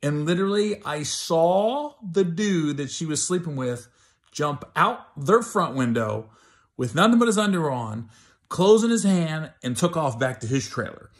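A man's voice: a little high, animated, unhurried. A middle-aged man telling a comic story, loose and chatty, laughing between bits. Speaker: comedian.

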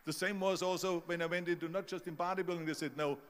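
A man's voice: high-pitched, fairly even intonation, fast, fairly bright tone, big-room sound. An older man with a German-speaking Austrian accent, giving an emphatic motivational speech with stories. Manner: storytelling, emphatic, mimics doubters.

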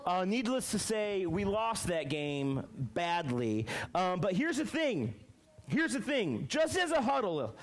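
High-voiced man telling a youth sermon. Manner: animated storytelling, many fillers. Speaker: youth pastor. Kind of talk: youth sermon with personal story.

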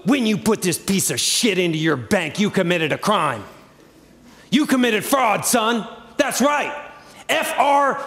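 A man voicing a blustering male bank official who shouts threats down the phone, heard on a stage with long reverb. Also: high voice, creaky, heavily acted. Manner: shouting, menacing. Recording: long reverb of a live theater.

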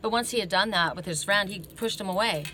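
There's slight background noise as a woman with a medium-pitched, pushed, bright voice reads oracle cards at a quick clip. She rambles in a relaxed way, keeps interrupting herself to begin sentences again, and sprinkles in "you know" and "right?".

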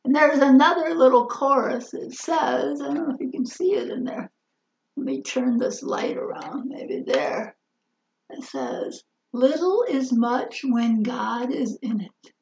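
A woman tells a Bible story to children in a high, slow, expressive voice, pausing to ask her listeners questions. Her voice rings around a roomy space. The recording sounds slightly dull. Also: vocal fry, slight background noise. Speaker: Bible teacher.

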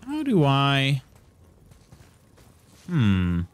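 A man's voice: mid-range voice, wildly swooping pitch, extremely slow, a little hiss or hum. A man from central Illinois giving casual live commentary while streaming a game, thinking aloud and greeting his chat. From central Illinois, USA.

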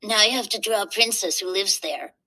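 A bossy little boy who insists on getting his way, read by a woman. He speaks firmly and a little louder, in a storybook reading. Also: medium pitch, brisk, low-quality recording.

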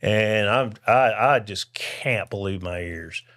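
A man's voice: lowish voice, takes it slowly. A man, a podcast guest telling a personal faith testimony and acting out the people he quotes. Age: 60s. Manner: lively storyteller who acts out the people he quotes.

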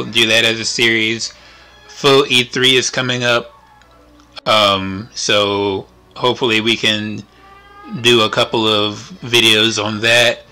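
Bright and forceful, this man's lowish voice carries his gaming channel as he chats loosely over gameplay. He rambles, fills gaps with fillers, and lets his thoughts trail off.

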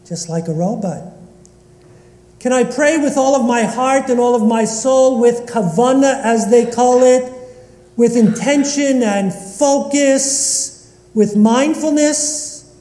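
A man giving a sermon as rabbi in a synagogue, asking slow, reflective rhetorical questions. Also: very high-pitched, mellow. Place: synagogue sanctuary. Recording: echoey long reverb of a large hall.

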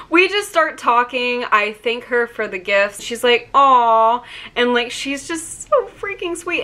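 Bright, gushing young woman. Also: a little high. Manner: excited, gushing, heavy use of "like". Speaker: vlogger. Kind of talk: casual storytime.

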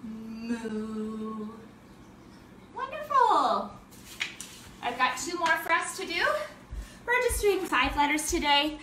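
A woman's voice: very high-pitched, expressive, moderate pace, bright, forceful tone, echoey room, recorded from a distance, a little hiss or hum. A woman teaching a family yoga class for children, giving cheerful, encouraging instructions and making animal sounds.

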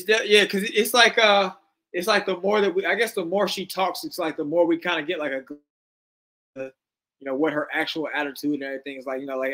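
A man's voice: on the high side, pushed and bright. A man doing casual live-stream commentary, loose and slangy, reading chat messages aloud as he reacts to a clip.

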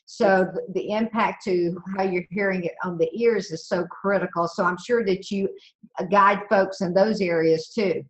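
A woman's voice: mid-range voice, fairly even intonation, normal speed, rough recording. A woman from the Southern United States moderating a webinar, asking questions in an affirming, conversational way.

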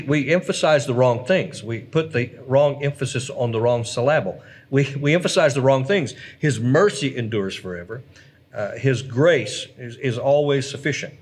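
Man, pastor, earnest preacherly talk, mid-pitched voice, casual church chat. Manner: earnest, preacherly, reads viewer comments aloud.

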